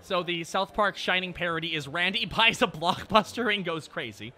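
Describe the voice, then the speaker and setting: A male streamer chatting casually and excitably, laughing often and swearing freely. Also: high-pitched, moderate pace, few pauses. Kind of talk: casual chat.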